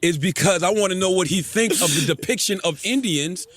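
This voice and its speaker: A man's voice: sits high, fairly quick, fairly bright tone, no room sound. A man co-hosting a podcast in casual chat, laughing often and loosely bantering with emphatic agreement. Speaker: podcast co-host.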